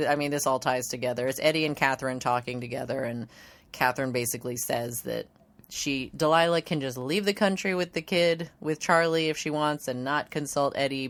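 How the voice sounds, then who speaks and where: Woman, podcast co-host, low voice, relaxed giggly recap chat. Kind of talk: casual chat recapping a show.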